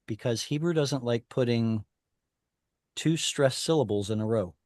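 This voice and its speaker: A man's voice: mid-range voice, unhurried, a little mellow, dry recording, clean studio sound. A man teaching a Hebrew class over a video call, explaining rules step by step and quizzing the students as he goes. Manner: patient, explains step by step, asks the class questions.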